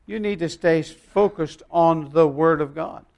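Preacher guy, kinda high voice, gets loud then drops quiet, tells stories slow. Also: creaky. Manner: emphatic preaching, swinging between loud and quiet. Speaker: pastor. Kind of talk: sermon.

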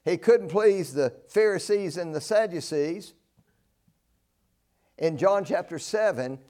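A man's voice: sits high, a little mellow. A man from North Carolina, preaching a folksy, earnest sermon. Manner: earnest, folksy, rises to emphatic peaks.

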